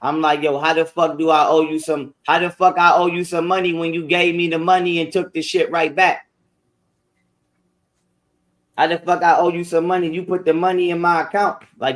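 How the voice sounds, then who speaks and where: A man ranting on a livestream, profane and defensive, repeating himself. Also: on the high side.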